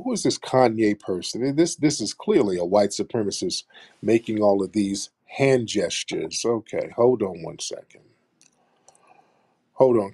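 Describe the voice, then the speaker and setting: A man's voice: lowish voice, mellow, slightly rough, no room sound, clean studio sound. A man hosting a live talk show, speaking bluntly and sarcastically in a streetwise manner. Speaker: host.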